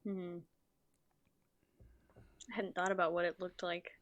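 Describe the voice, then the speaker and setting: A woman's voice: lowish voice, little pitch movement, a little slow, muffled recording. A woman player in a tabletop game, talking casually and thoughtfully, and laughing often.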